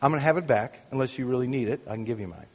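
A man's voice: mid-range voice, very fast, big-room sound. An older man preaching as a pastor, conversational and full of questions to the congregation. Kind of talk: sermon. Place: church.

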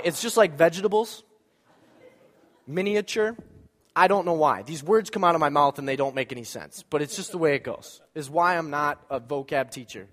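A male pastor delivers a sermon in a lively storytelling manner. He jokes with the congregation and slips into voices to act out the scenes. His slightly high voice rings through a church with a long reverb. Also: moderate pace. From American Midwest. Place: church sanctuary.

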